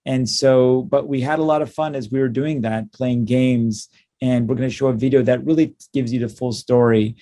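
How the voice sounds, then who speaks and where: Halting man giving a conference talk. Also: mid-range voice, fairly even intonation. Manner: halting, many ums and uhs, warm and upbeat. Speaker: cystic fibrosis clinician presenting at a conference.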